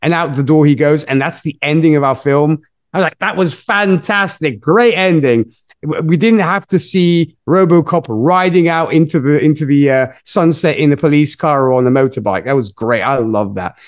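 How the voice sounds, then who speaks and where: Upbeat, fairly high-voiced man reviewing movies. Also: brisk, no echo, clean studio sound. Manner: enthusiastic, lively storytelling. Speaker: podcast host. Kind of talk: casual movie review chat.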